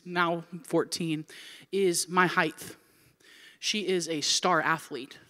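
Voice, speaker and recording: A woman's voice: fairly low pitch, in a large hall. A woman in her forties preaching a sermon, telling a comic story and acting out scenes. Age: 40s. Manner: animated and comedic, acting out scenes. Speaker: pastor.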